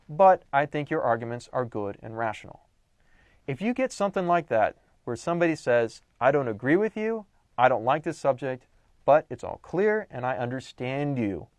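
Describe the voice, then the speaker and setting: A man's voice: mid-range voice, dry recording. A young adult man giving a recorded lecture on writing, teaching with emphatic, playful exaggeration.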